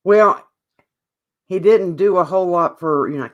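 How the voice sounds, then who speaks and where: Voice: medium pitch, measured pace, dull audio. A podcast co-host, ranting with strong opinions in casual sports chat.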